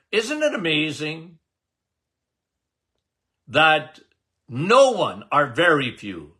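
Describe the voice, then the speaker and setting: An older male doctor hosts his health podcast in a casual, folksy way, pressing his points by repeating them. His voice sits fairly high and bright. He speaks slowly and deliberately, leaning on each phrase. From Canada. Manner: emphatic, repetitive, folksy, addresses listeners as guys. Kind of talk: casual health talk to listeners.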